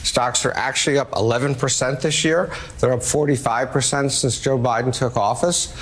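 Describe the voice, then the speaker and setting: A man analyst on a news broadcast, explaining polling numbers in a measured, explanatory way. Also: mid-range voice, fairly even intonation. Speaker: political analyst.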